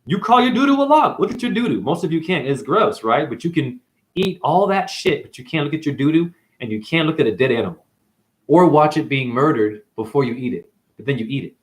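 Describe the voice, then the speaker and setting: A video monologue host with a slightly high voice talks fairly quickly. He rambles through an animated, profane spiritual monologue and keeps calling his viewers "honey."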